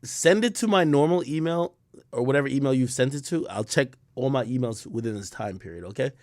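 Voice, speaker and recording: A man's voice: mid-range voice, animated, brisk, dry recording, clean studio sound. A man streaming live, chatting loosely with his viewers and swearing freely. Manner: loose and profane, reacting to chat, swings loud and quiet. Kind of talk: casual livestream chat.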